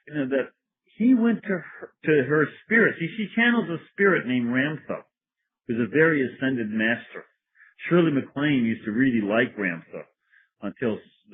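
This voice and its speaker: A man's voice: on the high side, slightly rough. A man, a priest, giving a wry, storytelling lecture and laughing at his own anecdotes. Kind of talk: sermon-like lecture. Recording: tinny phone-like lo-fi recording.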